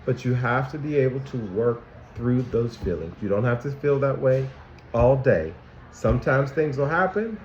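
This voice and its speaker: A man school counselor giving a lesson to young children, animated and asking them many questions. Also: medium pitch, normal speed, a little hiss or hum. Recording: dull, echoey room recording.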